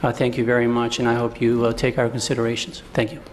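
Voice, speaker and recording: A man's voice: mid-range voice, completely flat delivery, fast talker. A man giving public comment at a county board meeting for disability advocacy, hesitant with many fillers. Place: large council chamber. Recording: long hall reverb, faint noise.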